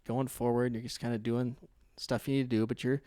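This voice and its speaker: A man's voice: medium pitch, a little fast, dry recording. A pastor man preaching, dry sound. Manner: conversational storytelling, laughs often, gets loud and animated telling stories. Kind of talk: sermon. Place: church.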